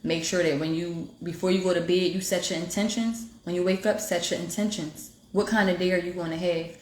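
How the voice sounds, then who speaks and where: A woman with an African American Vernacular English accent hosts a casual phone livestream, preaching about self-healing as spiritual motivation. Her voice is on the low side, steady, a little fast, and darkish, with a roomy sound, and she speaks directly and emphatically to viewers.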